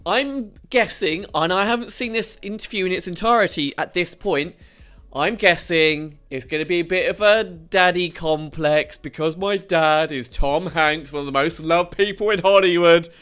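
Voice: medium pitch, normal speed, a bit bright. A host giving comedic news commentary, sarcastic and mocking, reacting to clips.

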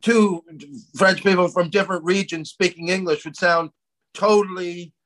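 A middle-aged Canadian man co-hosts a podcast, rambling through casual chat, laughing, swearing, and saying "man" a lot. His voice sits high and a bit bright, with fairly even intonation at normal speed.

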